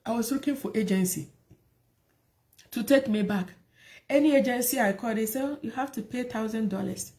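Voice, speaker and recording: A woman's voice: fairly high pitch, normal speed, pauses often, warm tone. A woman sharing her personal life story, emotional and repetitive, with many rhetorical questions. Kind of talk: personal testimony talk.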